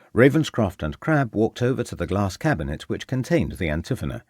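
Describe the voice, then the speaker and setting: Man for audiobook narration: steady storytelling, low voice, lively intonation. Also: brisk, few pauses, breathy edge, no echo, studio quality. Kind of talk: scripted narration.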